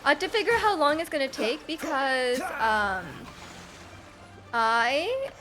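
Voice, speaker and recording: A woman's voice: sits high, very animated, slow, sharp tone. A woman streaming a game, chatting casually and giggling, rambling with lots of fillers. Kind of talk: casual chat while gaming.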